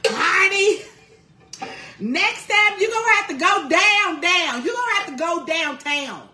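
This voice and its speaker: A woman's voice: very high voice, animated, a little slow, echoey room, over loud music. Bawdy honey-calling woman cooking on camera. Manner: bawdy storytelling, calls everyone honey, laughs a lot. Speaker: cooking vlogger. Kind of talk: casual cooking vlog chat.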